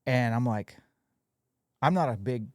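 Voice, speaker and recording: Man, forties, podcast host, mid-pitched, easygoing, candid, dry close sound. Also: animated, unhurried, dry recording. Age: 40s. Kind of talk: casual podcast chat.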